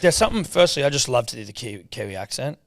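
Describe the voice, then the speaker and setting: A man's voice: medium pitch, sing-song, rapid-fire, dry recording. A man co-hosting a sports podcast, joking and sweary. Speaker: podcast co-host. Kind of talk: casual chat.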